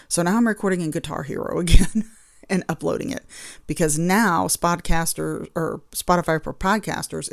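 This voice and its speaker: Woman podcast host, fry in the voice, dry close sound; rambling, chatty, easily exasperated. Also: lowish voice, dry recording. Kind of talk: casual chat.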